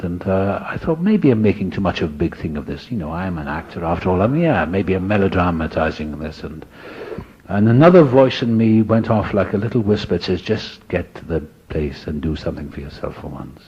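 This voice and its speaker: Husky older man telling his story. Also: sits low, dull audio. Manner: storyteller voicing others in quotes, dropping to a hush. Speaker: speaker telling a personal recovery story. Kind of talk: personal storytelling.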